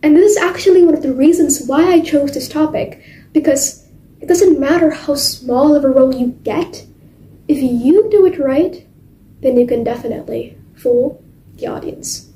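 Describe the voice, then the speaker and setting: A teenage girl delivers a memorized contest speech in a high, mellow voice. She is dramatic, with theatrical pauses and sudden drops to near silence. The sound is echoey, as in a hard-walled room. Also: a little hiss or hum. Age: teens.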